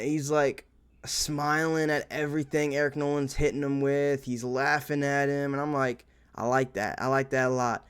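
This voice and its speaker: A young man talks through the night's fights in a relaxed, rambling way, cursing now and then. His voice is smooth and clear at an ordinary pitch. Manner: laid-back, rambling, swears casually. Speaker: MMA reaction host. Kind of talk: casual fight recap monologue.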